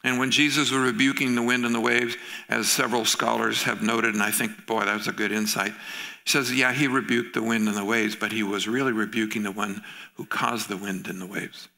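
A man's voice: on the low side, fairly quick, creaky. A middle-aged male pastor preaching a sermon in a church, telling stories and acting out the voices in them. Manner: animated storytelling, acting out quoted voices.

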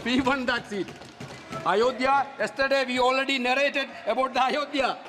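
A man with a Malayali English accent giving a forceful parliamentary speech, repeating himself and rising to shouts. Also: extremely high pitch, fairly even intonation, normal speed, faint music behind. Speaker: member of parliament. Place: parliament chamber. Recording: long chamber reverb.

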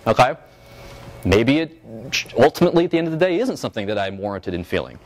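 A man lecturing on philosophy at a seminar, animated and joking, full of fillers, restarts and quick "right?" check-ins with the room. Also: medium pitch.

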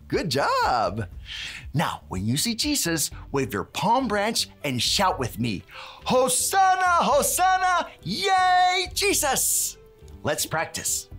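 A man's voice: on the high side, fairly bright tone, slightly rough. A man presenting a preschool church lesson in a bouncy, exaggerated style, cheering along with the children. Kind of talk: energetic preschool Bible lesson.

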